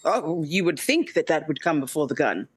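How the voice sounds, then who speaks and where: A man's voice: on the high side, animated, normal speed, husky. A man voicing a wounded, cocky tough woman who makes dry, sarcastic retorts and swears. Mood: defiant.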